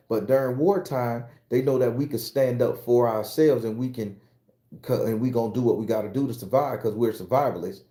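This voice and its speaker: A man's voice: medium pitch, mellow. A man from the United States ranting bluntly and profanely in a casual monologue, working himself up as he goes. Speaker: commentator.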